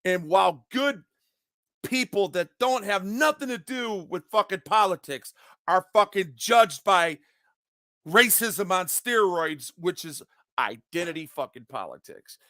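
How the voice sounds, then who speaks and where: A man's voice: sits high, animated, unhurried, pushed and bright, dry recording, studio quality. A man ranting in an unscripted monologue, agitated and profane, often repeating himself. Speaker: online commentator.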